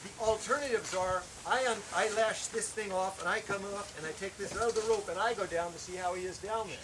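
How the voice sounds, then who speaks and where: A man telling a personal testimony as a camp worship speaker, animated, acting out the shouted lines of his story. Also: high-pitched, fairly quick, background noise. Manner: animated, acts out shouted quotes.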